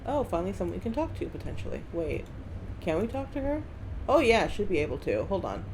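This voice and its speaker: A woman's voice: mid-range voice, sing-song, brisk, a little mellow, a little hiss or hum, low-quality recording. A woman streamer casually commenting on a game, reading its text aloud with giggly asides. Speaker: let's play streamer.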